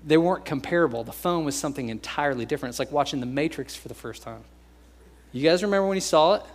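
A young American man preaching a sermon in a casual, joking way, slipping into quick impressions of other people. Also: on the high side, lively intonation. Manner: conversational and joking, acts out quoted voices. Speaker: pastor.

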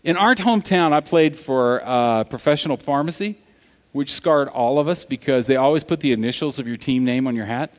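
Speaking fairly quickly in a medium-pitched voice, a pastor delivers a sermon in a big, echoing hall whose long reverb fills the recording. His storytelling is animated, shifting from loud passages to hushed ones.

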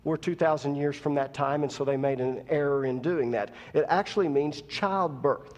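A man's voice: a little high, moderate pace, a little mellow, big-room sound. A man preaching a sermon as pastor, talking conversationally while teaching and rising to emphatic preaching. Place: church.

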